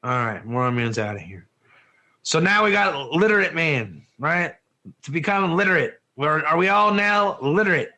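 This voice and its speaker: A man teaching an online Torah class in a lively, joking way, firing questions at his students. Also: a little high, normal speed. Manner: animated, asks the class questions, often says "one or two", laughs at own jokes.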